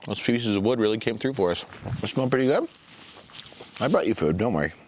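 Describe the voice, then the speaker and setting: Low-voiced man chatting at a campsite. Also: fairly quick, slight background noise. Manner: relaxed, chatty, talks to the viewers. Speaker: outdoor vlog host. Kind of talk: casual vlog narration. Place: outdoors at a forest campsite by a fire.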